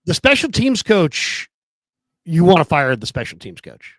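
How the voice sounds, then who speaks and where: A man co-hosting a casual sports debate, his voice sitting a little high for a man. He argues by firing questions back and often restarts his sentences. The sound is dry and close, with no room around it. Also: huge pitch swings, measured pace, a bit bright, no room sound. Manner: argumentative, questioning, many restarts. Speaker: podcast co-host.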